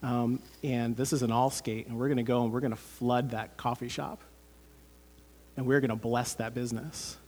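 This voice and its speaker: A man's voice: mid-range voice, level tone, moderate pace, a little mellow, breathy edge. A man, preaching a sermon as pastor, earnest and conversational with many fillers.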